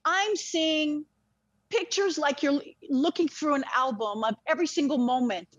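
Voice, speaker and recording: Intense high-voiced woman telling a story. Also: moderate pace, dry recording, dull audio. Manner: intense, frank, swears freely, restarts words. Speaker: podcast guest. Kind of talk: emotional personal storytelling.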